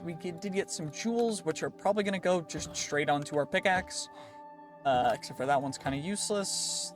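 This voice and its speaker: A man hosting a gaming channel, casually commenting on his gameplay in a chatty, excitable way, talking through each move and often restarting his sentences. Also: on the high side. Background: background music.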